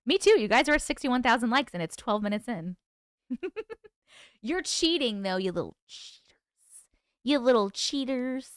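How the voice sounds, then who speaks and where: A chatty woman hosts a livestream, greeting her viewers one by one and reading their comments back to them. Her voice sits high and swings widely in pitch, smooth and clear, with a dry close sound. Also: lively intonation, normal speed, no room sound. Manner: laughs often. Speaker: livestream host. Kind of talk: casual livestream chat.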